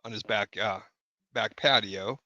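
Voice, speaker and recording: A middle-aged man co-hosts a casual reaction show, laughing often and pausing on fillers. He speaks slowly at a middle pitch. His audio sounds dull and lo-fi, and it is dry and close. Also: bright, forceful tone, no echo. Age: 40s to 50s. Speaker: podcast co-host.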